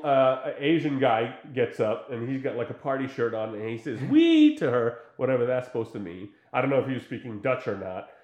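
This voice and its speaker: A man in casual chat, retelling a film scene by scene and acting out its characters in quick put-on voices. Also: mid-range voice, darkish tone. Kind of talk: casual chat recapping a movie. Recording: roomy echo.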